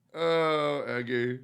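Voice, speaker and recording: A man's voice: on the high side, creaky. A male streamer reacting casually on a live stream, swearing and gushing with frequent exclamations. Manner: profane, gushing, exclaims a lot.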